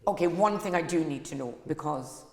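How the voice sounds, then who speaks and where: A woman's voice: deep voice, brisk, darkish tone. A Scottish woman hosting a casual interview, teasing her guests with dry wit. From Scotland. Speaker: host. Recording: echoey hall, audience noise.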